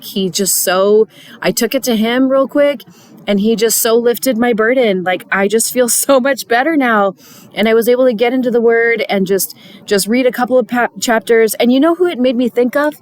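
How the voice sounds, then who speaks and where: A woman's voice: fairly high pitch, normal speed. A middle-aged woman speaking to church volunteers in an earnest, chatty devotional talk, with many fillers and restarts.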